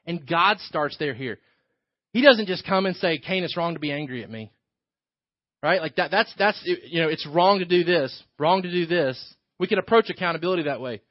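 A man gives a sermon from the pulpit in a conversational preaching style, often asking rhetorical questions. His voice sits high for a man. The recording is dull and lo-fi, and the sound is dry, with almost no room echo. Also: fairly quick. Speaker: pastor.

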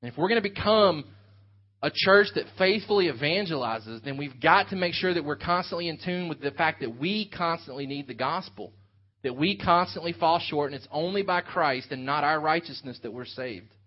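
A man's voice: a little high, lively intonation, normal speed. A man preaching an earnest sermon, working through a scripture passage for his congregation. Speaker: pastor. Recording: dull lo-fi sound.

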